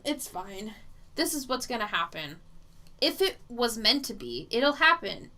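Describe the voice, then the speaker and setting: A woman's voice: mid-range voice, expressive, slow, pushed and bright. A woman psychic medium chatting casually on a livestream, reading viewer comments aloud and laughing often as she rambles.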